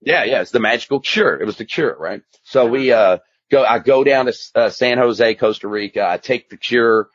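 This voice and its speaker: A man with a medium-pitched voice speaks at a moderate pace, with no echo around him. He's a guest on a casual storytelling interview, an addiction specialist and author telling his story in a candid, rambling, emphatic manner. The recording is dry and slightly muffled.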